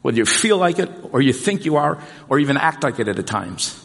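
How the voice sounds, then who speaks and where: A man preaching a sermon as pastor in a church, earnest and emphatic, slowing down and repeating key points. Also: mid-range voice, sing-song, vocal fry, fairly bright tone. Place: church sanctuary. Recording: long reverb of a large hall.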